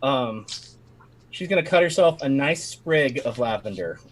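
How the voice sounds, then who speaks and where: A man narrating as game master of a tabletop game, telling the scene in a lively, animated way. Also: mid-range voice, measured pace, slight background noise.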